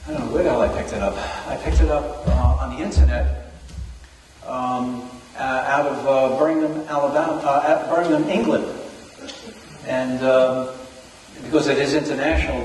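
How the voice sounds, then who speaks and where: A man with a New York accent announcing club news at a meeting, chatty and halting, with many fillers. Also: a little high, a little hiss or hum. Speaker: club member presenting new business. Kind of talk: casual meeting talk. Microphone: distant room recording. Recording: echoey hall recorded from far off.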